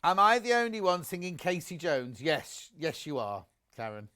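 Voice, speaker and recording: High-voiced, gushing man. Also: big pitch swings, normal speed, sharp tone, clear, resonant tone. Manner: chatty, gushing, reads out viewer messages. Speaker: home shopping presenter. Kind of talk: live shopping broadcast chat.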